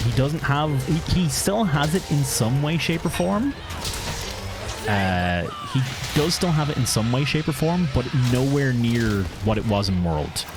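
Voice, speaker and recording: A man streaming a video game, giving casual commentary in a dry, flat-sounding way. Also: mid-range voice. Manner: self-described monotone, dry and offhand. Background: game music.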